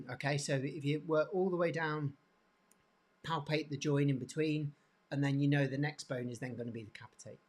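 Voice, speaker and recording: A man teaching hand anatomy off the cuff, pointing to bones, with many restarts and frequent throat clearing. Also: on the high side, steady tone, darkish tone. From England. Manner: halting, repeats words, frequent throat clearing. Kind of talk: unscripted teaching demonstration.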